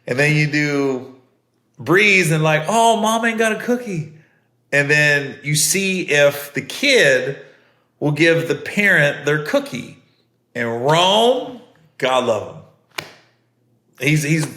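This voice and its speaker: A middle-aged man talks casually as a podcast host, earnest and prone to repeating himself. His voice sits a bit high for a man. The recording has a roomy echo. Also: a bit bright. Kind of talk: casual storytelling monologue.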